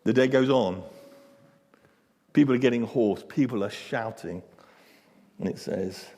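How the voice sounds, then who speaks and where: A man's voice: lowish voice, lively intonation, measured pace, gravelly, mellow, husky, long reverb tail. A male pastor preaching a sermon with dramatic storytelling and dry humor, in a church.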